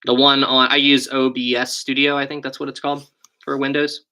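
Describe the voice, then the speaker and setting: Brisk and flat in delivery, this young man speaks at medium pitch with a sharp tone and a West Virginia accent. Hosting a casual stream via a desk USB microphone, he reads and answers viewer questions, chatting and thinking aloud.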